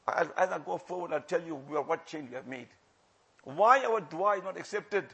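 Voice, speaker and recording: A man delivers a sermon in a husky, gravelly voice. He pleads and warns with passion, hammering phrases again and again and dropping suddenly to a near hush. His voice sits high for a man. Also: animated, normal speed. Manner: impassioned, repeats phrases for emphasis, swings from loud to hushed. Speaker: religious preacher.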